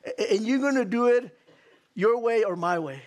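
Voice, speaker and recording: A man's voice: high-pitched, normal speed, close to an everyday voice. A man voicing God, firm and fatherly. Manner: firm, teasing.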